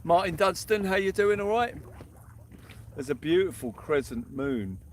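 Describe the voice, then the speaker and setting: A man's voice: on the high side, animated, a little slow. A man hosting a casual night fishing livestream outdoors, greeting viewers by name and singing bits of songs. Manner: sings snatches of songs between chat. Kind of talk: casual live fishing stream chat. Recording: noisy outdoor recording.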